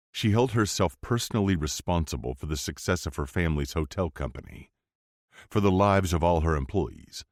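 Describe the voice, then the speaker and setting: A man narrating a first-person romance audiobook in a low, steady, intense delivery. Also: no echo, studio quality.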